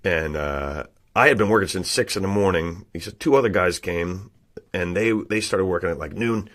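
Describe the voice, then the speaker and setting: A man's voice: deep voice, normal speed, fairly bright tone. A man, a guest comedian on a podcast, telling a casual, profane story with bursts of laughter. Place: podcast studio.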